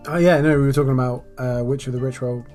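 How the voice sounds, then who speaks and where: Dry, teasing podcast co-host. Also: male voice, medium pitch, steady tone, fast, a little mellow, faint music behind. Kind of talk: casual chat.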